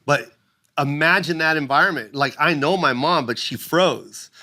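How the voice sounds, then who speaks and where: A middle-aged man tells a heartfelt story in a bright, forceful voice, pitched a little high. He swears freely and now and then slips into other people's voices. It sounds like loose, casual podcast talk. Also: normal speed. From United States. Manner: swearing, animated, acts out his mother's voice. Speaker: comedian guest. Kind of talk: emotional storytelling in casual chat.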